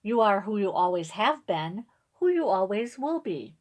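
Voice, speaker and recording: A woman voicing a wise, gentle old great-grandfather who speaks slowly and kindly. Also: medium pitch, sing-song, close to an everyday voice. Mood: solemn.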